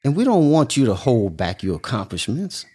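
A man's voice: medium pitch, very animated, moderate pace, warm tone, husky. A man giving casual, earnest advice in a monologue, repeating his points often. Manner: repetitive, earnest, preachy, repeats phrases.

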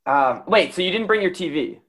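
A young man with a slightly higher voice hosts a casual podcast. He chats loosely and teases his co-host in a joking way. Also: animated, a little fast, a bit bright. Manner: teasing, joking. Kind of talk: casual chat.

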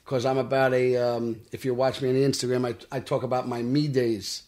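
A middle-aged man from Brooklyn with a Brooklyn accent, telling animated stories as a guest in a studio interview. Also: mid-range voice, a little fast. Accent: Brooklyn New York. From Brooklyn, New York. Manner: animated storytelling, tough-talking. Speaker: actor guest. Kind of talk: casual interview. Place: podcast studio.

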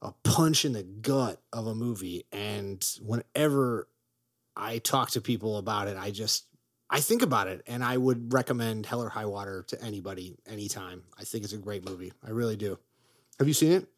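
A man's voice: lowish voice, normal speed. A man co-hosting a casual podcast, talking about films with enthusiasm, rambling and swearing casually. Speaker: podcast co-host. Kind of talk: casual movie chat.

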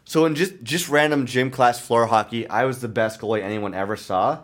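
A man's voice: mid-range voice, moderate pace. A man in his thirties hosting a podcast, telling rambling, self-mocking stories in casual chat. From Canada. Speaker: podcast host.

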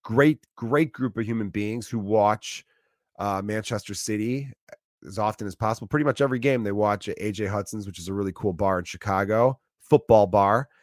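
A man's voice: on the low side, moderate pace, dry recording. Swearing, rambling man, dry close sound. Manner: animated storytelling, frequent restarts and swearing. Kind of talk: casual rambling monologue.

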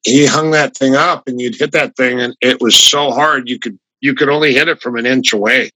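A man guest on an interview, telling martial arts stories in a casual, animated way, pitching up when he quotes others. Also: fairly quick, no echo, low-quality recording. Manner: animated, raises his voice when quoting others. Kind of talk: casual anecdotal storytelling.

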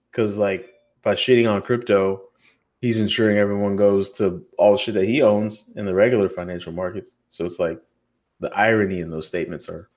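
A man's voice: lowish voice, darkish tone. An American man co-hosting a podcast roundtable, talking in a loose, joking, profane, rambling way. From United States. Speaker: podcast co-host. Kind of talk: casual roundtable chat.

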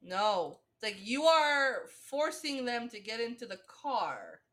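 Casual co-host: woman, very animated pitch, bright tone, swears casually. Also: slow. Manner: lively, swears casually, acts out characters' lines. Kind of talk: casual watch-along chat.

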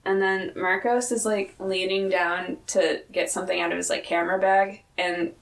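A woman co-hosting a casual recap chat, animated and laughing often, swearing casually. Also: mid-range voice, normal speed, vocal fry, far from the mic, poor audio. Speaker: podcast co-host.

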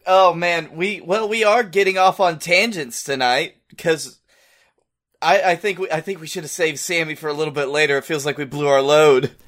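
A man co-hosting a casual wrestling podcast, telling stories in a relaxed, amused way. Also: on the high side, normal speed. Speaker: podcast co-host.

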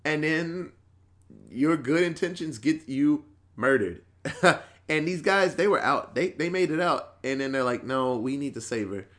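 Rambling, profane man with a higher voice. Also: a little slow, fairly bright tone. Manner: rambling, profane, filler-heavy storytelling. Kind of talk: casual chat recapping horror movies.

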